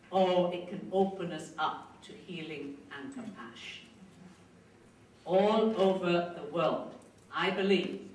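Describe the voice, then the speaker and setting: A woman's voice: mid-range voice, slight background noise. A woman giving an earnest storytelling lecture, acting out the voices she quotes. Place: lecture hall. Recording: echoey hall, distant mic, faint ambience.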